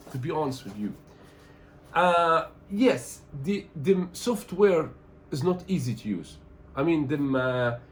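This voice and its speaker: In a mid-range voice with a little hiss or hum in the audio, an Egyptian tech reviewer who doesn't speak English narrates a casual unboxing vlog. He sounds animated and complains in loose phrasing.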